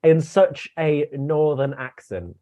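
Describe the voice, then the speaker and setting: A man's voice: on the high side, lively intonation, slow pace, dark tone. A young man giving his views in a casual review chat, chatty and opinionated, with stammering restarts. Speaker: co-host guest.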